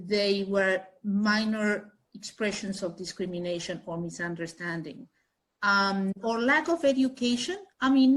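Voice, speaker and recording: Woman from Argentina, interview guest, reflective and halting. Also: mid-range voice, fairly bright tone, low-quality recording. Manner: thoughtful, hesitant, many fillers and restarts. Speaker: guest, chamber of commerce chief executive. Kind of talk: interview answers.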